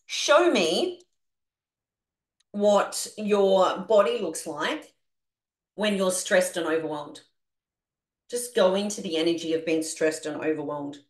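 A woman with an Australian accent leading a group coaching session on a video call, energetic and animated as she coaxes the group through exercises. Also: on the low side, echoey room. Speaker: business coach.

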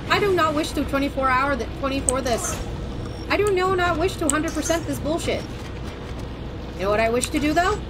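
A woman's voice: high-pitched, lively intonation, fairly quick, background noise. A woman streaming a co-op game, talking bluntly and with exasperation and swearing freely. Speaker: let's play streamer. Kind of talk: casual co-op gameplay chat.

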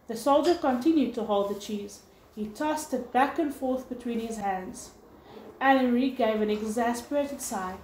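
A woman teacher reading a novel aloud in steady storybook narration. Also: on the high side, moderate pace. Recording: echoey room with faint hiss.

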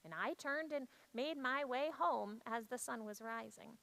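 A woman shares a church story as a first-person dramatic monologue, speaking in a hushed, reflective way. Her voice sits high and sounds bright and clear. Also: a little slow, low-quality recording.

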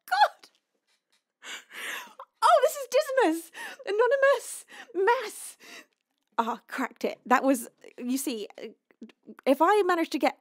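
Woman livestream host, fairly high, gushing and close to tears, dry close-miked sound. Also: darkish tone, no room sound. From United Kingdom. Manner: gushing, emotional, laughing often. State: tearful, close to crying. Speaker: livestreaming singer. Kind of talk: casual chat reading donations.

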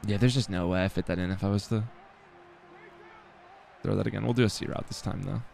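A man's voice: fairly low pitch, steady tone, brisk, vocal fry, a little mellow, slight background noise. A young man casually commenting on his own football video game play, talking to himself, swearing and mocking his own mistakes. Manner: swearing, self-deprecating, talks to himself while playing. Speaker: gaming streamer.

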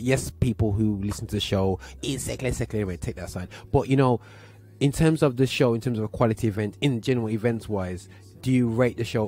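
A man with a Birmingham accent hosts a casual chat. He rambles in street slang with lots of filler and asides, and his voice is a little husky. Faint music plays behind him. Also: on the low side, warm tone. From Birmingham, England. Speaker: show host. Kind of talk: casual chat on a gospel show.

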